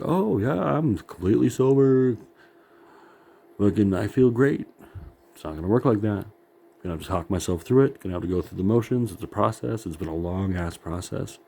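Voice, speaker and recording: A man's voice: on the low side, mellow. A middle-aged man rambling in a profane, self-critical monologue, laughing often and sounding worn out.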